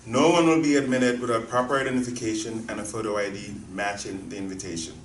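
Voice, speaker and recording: A man's voice: on the low side, quick pace, natural voice. A man playing a polite, firm security guard. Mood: formal. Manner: courteous, formal, steady. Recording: roomy distant sound with faint noise.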